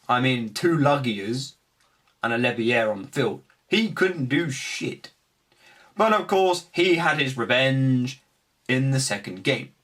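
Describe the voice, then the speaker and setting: Young guy excitedly recapping matches. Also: mid-range voice. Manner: animated storytelling, acts out opponents' lines. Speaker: card game player. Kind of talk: casual recap of a tournament.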